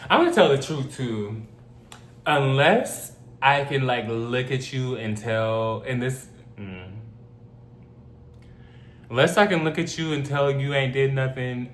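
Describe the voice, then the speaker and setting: Reading a story aloud, a man reacts with casual commentary that is blunt, opinionated and sprinkled with jokes. His voice is medium-pitched and a little slow, and the recording carries a roomy echo and a faint hum.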